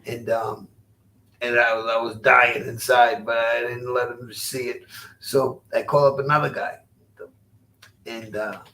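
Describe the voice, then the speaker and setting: A man in his sixties, a former boxer, telling stories as an interview guest in a halting, rueful way, often repeating his words. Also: mid-range voice, level tone, sharp tone, far from the mic. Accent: Rhode Island. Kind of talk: storytelling interview.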